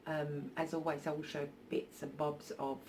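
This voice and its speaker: A woman's voice: deep voice, little pitch movement, moderate pace, background noise. A woman telling a personal story in a casual vlog on her phone, hesitant and full of ums and restarts. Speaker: spiritual vlogger.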